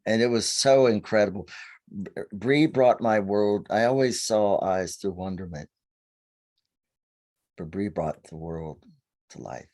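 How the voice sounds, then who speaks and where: This Virginia man, a faery seer appearing as a guest over video, speaks in a lowish voice, a little slowly and with frequent pauses. He's an animated storyteller who performs the quoted lines in conversation.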